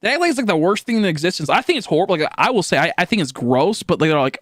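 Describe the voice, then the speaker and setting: A man's voice: sits high, sing-song, rapid-fire, dry recording, studio quality. A young man streaming live, chatting casually and rambling with lots of swearing, fillers and restarts while he thanks viewers.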